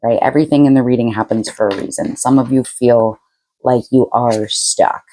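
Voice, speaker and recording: A woman's voice: extremely low pitch, fairly even intonation, normal speed, warm tone, slight background noise, rough recording. A woman giving a casual tarot reading to her viewers, chatty and frank, laughing often and using blunt slang. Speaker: tarot reader.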